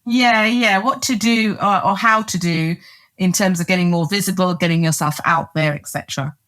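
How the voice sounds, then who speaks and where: A woman co-hosting a podcast, asking conversational questions at a quick pace. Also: on the low side, fairly bright tone. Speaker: podcast co-host. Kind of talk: podcast interview.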